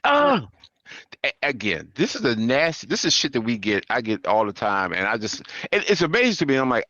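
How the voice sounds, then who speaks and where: A man co-hosting a podcast, retelling stories in casual chat, exasperated and quick to laugh. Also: mid-range voice, wildly swooping pitch, bright, forceful tone, no echo, lo-fi sound. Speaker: podcast co-host.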